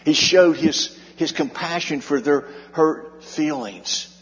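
A man's voice: on the high side, unhurried. A man preaching a sermon as pastor, earnest, with his voice rising and falling in volume for emphasis. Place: church sanctuary. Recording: dull sound in a long-reverb hall.

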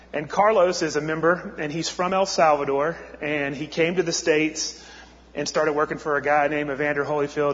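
A man telling a story in a sermon, conversational and full of restarts. His voice sits a little high. The sound is muffled and rings with a long hall echo. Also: fairly bright tone. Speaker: missionary speaker.

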